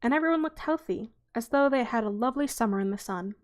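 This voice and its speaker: A woman with a fairly high voice reads a children's novel aloud for her stream. She keeps a relaxed, unhurried pace and corrects small slips as she goes.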